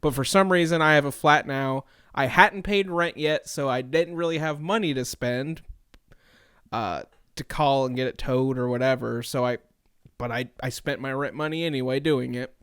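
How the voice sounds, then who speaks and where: A young man co-hosting a podcast, telling a story in a casual, profane, animated way. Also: mid-range voice, normal speed, smooth, dry recording, studio quality. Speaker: podcast co-host.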